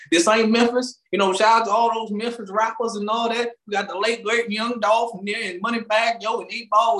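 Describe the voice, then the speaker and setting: A man's voice: sits high, fairly bright tone. A man co-hosting a casual talk show, joking and acting out little scenes. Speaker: radio show co-host. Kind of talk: casual podcast banter. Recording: roomy echo.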